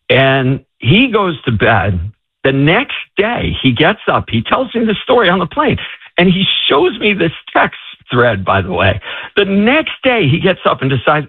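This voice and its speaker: A man, an author and guest, telling a story with lively delivery and acting out what others said. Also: fairly high pitch, measured pace, breathy edge, no echo. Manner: lively, acts out others' dialogue. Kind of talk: animated storytelling in an interview. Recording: tinny, dry phone-line sound.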